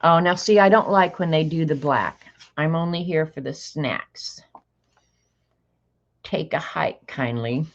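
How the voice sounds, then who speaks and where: Older woman, livestream host, slow and low-pitched, dry sarcastic asides to viewers, muffled lo-fi sound. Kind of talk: casual chat reading aloud to viewers.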